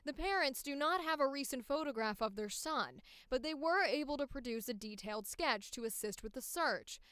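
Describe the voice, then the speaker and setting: A woman doing a crisp upbeat newscaster. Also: high-pitched, lively intonation, normal speed, fairly bright tone, no room sound, studio quality. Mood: upbeat professional. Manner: crisp, clearly enunciated newscaster delivery. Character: professional upbeat female TV news reporter. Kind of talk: audition read.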